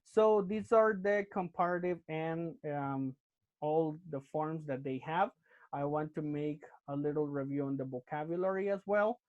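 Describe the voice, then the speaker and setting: A man's voice: on the high side, moderate pace, a little mellow. A man teaching English grammar in an online class, explaining step by step and checking in with "okay?" after each point. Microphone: computer mic on a video call. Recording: muffled lo-fi video call audio.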